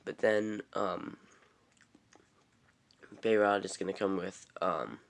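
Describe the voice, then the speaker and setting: Young male reviewer, deep, gravelly voice, offhand rambling recap. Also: slow pace. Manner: rambling, filler-heavy, offhand. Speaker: TV episode reviewer. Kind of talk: casual episode recap.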